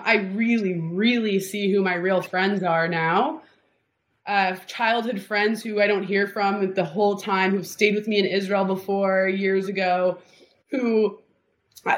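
A young woman in her twenties from Miami tells her story as an interview guest. She rambles freely, filling her talk with "like" and breaking off to restart her sentences, at an ordinary mid pitch for a woman. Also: a bit bright. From Miami, Florida. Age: 20s. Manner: rambling, heavy use of "like" and restarts.

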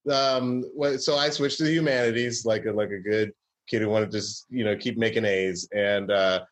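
A man's voice: on the low side, fairly even intonation, normal speed. A man from Georgia, a comedy writer, telling stories in a casual interview with a wry, rambling, self-correcting way of talking. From Southern US, Georgia.

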